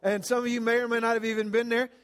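A man's voice: extremely high pitch, flat delivery, fast, fairly bright tone, smooth. A man with a Southern US accent preaching as a guest pastor, folksy and full of fillers, telling a humorous story in a sermon. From American South. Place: church sanctuary. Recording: long reverb of a church hall.

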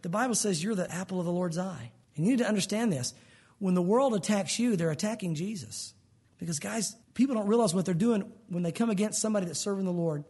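Husky high-voiced man preaching a sermon. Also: fast. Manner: animated, acts out voices of the stories he tells. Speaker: pastor.

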